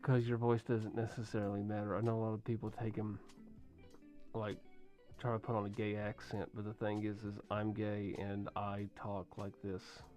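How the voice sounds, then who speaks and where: A man's voice: fairly low pitch, completely flat delivery, moderate pace, darkish tone. A young man streaming live, chatting casually with viewers and reading out usernames in a rambling way. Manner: chatty, rambling, talks to chat and reads usernames. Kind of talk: casual livestream chat. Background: faint music.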